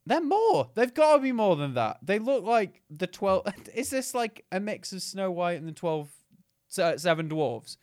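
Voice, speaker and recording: A man's voice: high voice, big pitch swings, a little slow, no room sound, studio quality. Exclaiming, joking male podcast co-host. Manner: loud bursts of laughter, joking, exclamatory. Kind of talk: casual chat.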